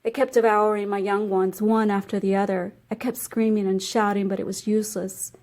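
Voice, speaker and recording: A woman's voice: mid-range voice, level tone, fairly quick, a little mellow, lightly acted. A woman reading aloud, voicing a grieving, resigned mother bird in a storybook tale. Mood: sorrowful.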